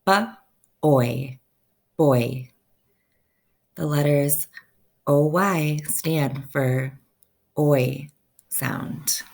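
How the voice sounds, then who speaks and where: Slow, low-voiced woman teaching phonics. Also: fairly even intonation, vocal fry, darkish tone. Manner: slow, stretched-out sounding of words. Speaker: first-grade teacher. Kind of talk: phonics lesson for young children.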